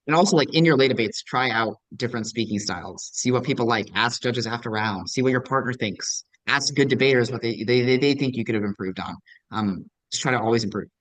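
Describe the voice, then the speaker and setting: In a dry, rough recording, a young man with a mid-range, fairly bright voice gives a casual recorded lecture as a debate coach. He answers audience questions with plenty of ums and likes, staying patient and encouraging.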